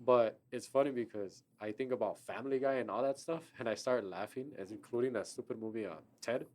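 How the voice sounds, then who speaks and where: A man's voice: medium pitch, a little fast, darkish tone. A man from Los Angeles hosting a podcast, chatting casually and telling profane stories full of quoted asides. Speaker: podcast host. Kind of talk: casual chat.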